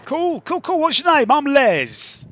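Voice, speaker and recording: A man voicing a big, fat, waddling armourer who talks bluntly and nosily in a high squeak. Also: huge pitch swings, measured pace, a bit bright, no room sound, heavily acted. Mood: friendly.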